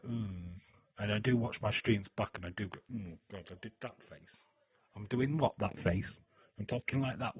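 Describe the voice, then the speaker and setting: A man's voice: on the low side, slightly rough, no echo. A man hosting a live stream, chatting loosely with viewers, reading their comments, swearing and laughing as he goes. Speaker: live-stream host reacting to wrestling. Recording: tinny phone-like dry sound.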